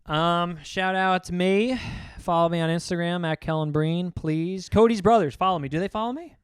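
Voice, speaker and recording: A man's voice: sits high, moderate pace, clean tone, no room sound, clean studio sound. A young man co-hosting a casual podcast chat, telling rambling stories and swearing often. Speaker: podcast co-host.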